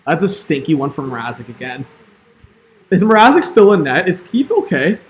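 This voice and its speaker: A man's voice: on the high side, very animated, normal speed, slightly rough. A young man doing casual live-stream hockey commentary, chatting loosely and answering his viewers. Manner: chatty, reads and answers chat, lots of "like" and "man".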